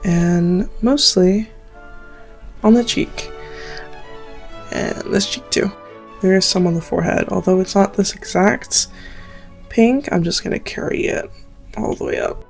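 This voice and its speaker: A woman's voice: mid-range voice, unhurried, vocal fry, long pauses, faint music behind. A young Canadian woman, an artist from Southern Ontario, talking through her drawing process in a rambling, self-deprecating, chatty way. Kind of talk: chatty draw-along tutorial.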